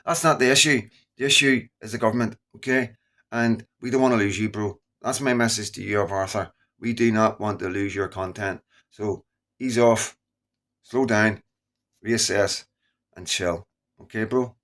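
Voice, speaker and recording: A man's voice: lowish voice, fairly even intonation, moderate pace, a bit bright. A middle-aged man with a Scottish accent, talking casually and earnestly to his viewers, rambling and repeating himself as he goes. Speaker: YouTuber. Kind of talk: casual straight-to-camera talk.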